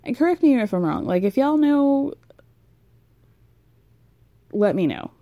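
A woman's voice: fairly high pitch, big pitch swings, unhurried, no echo, lo-fi sound. A woman hosting a casual recap, talking frankly, swearing freely and leaning on fillers. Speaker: podcast host recapping a reality show.

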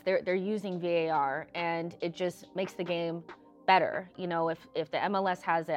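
Lower-voiced woman rambling about soccer. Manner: rambling, many fillers and restarts. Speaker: podcast co-host. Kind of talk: casual opinion chat.

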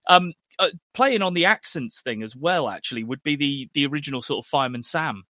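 A middle-aged man co-hosting a casual chat, animated and quick to break into mimicry. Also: mid-range voice, dry recording, clean studio sound. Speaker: podcast co-host.

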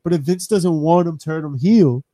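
A man co-hosting a casual wrestling podcast, talking excitedly and swearing as he spins theories. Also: on the high side, moderate pace, no echo. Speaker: podcast co-host. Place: small studio.

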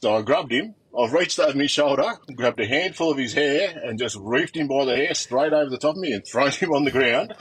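A man's voice: medium pitch, expressive, a little fast, hardly any pauses, a bit bright, husky. An Australian man from northern New South Wales, a father, calling in with a crude, self-mocking story. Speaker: caller, father. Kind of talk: phoned-in anecdote.

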